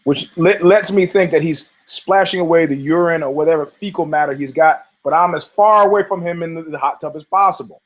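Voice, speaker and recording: A man tells a story on his podcast in a loose, profane way. He acts out the people in it with lively voices. His voice sits a little higher than most men's. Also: brisk, hardly any pauses, poor audio. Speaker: podcast host. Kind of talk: casual storytelling.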